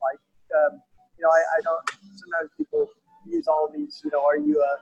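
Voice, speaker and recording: A man from East Tennessee, a guest in an interview, talking earnestly and haltingly with many restarts. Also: very high voice, huge pitch swings, gravelly, highs cut off, slight background noise. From East Tennessee, USA. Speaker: guest author. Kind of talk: casual conversational interview.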